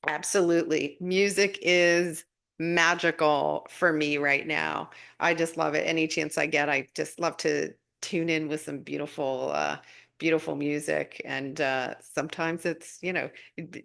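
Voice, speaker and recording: A middle-aged woman with a slightly low voice hosts a casual spiritual live stream. She answers viewer comments in an easy, rambling way. Now and then she leaps up into high, gushing asides. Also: measured pace, gravelly. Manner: warm, gushing, breaks into excited high-pitched asides. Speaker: spiritual guidance host.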